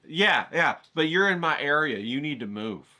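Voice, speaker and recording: A man's voice: a little high, expressive, normal speed, bright, forceful tone. A man voicing a pushy, territorial woman street vendor who insists and repeats herself. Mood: insistent. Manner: insistent, repetitive, nosy.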